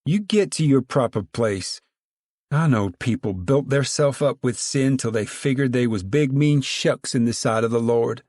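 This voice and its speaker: A man's voice: mid-range voice, a little slow, a little mellow, no echo, clean studio sound, voice pushed up, natural voice. A man reading aloud and voicing a stern, weary mother of a poor farm family, scolding in a rural drawl.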